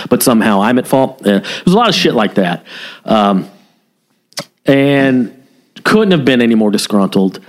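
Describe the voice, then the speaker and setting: Profane, candid man telling a story. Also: mid-range voice. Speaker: podcast co-host, former police officer. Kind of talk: casual storytelling podcast chat.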